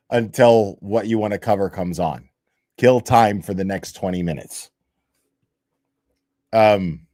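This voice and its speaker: A man's voice: fairly low pitch, a little mellow. A man hosting a livestream, chatting casually in profane, rambling, jokey rants. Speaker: livestream host.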